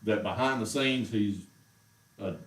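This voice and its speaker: A man's voice: on the low side, measured pace, fairly bright tone. Ranting man, echoey room. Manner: heated, exasperated ranting. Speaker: show host. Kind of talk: casual rant on a livestream. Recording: roomy echo, mic far off.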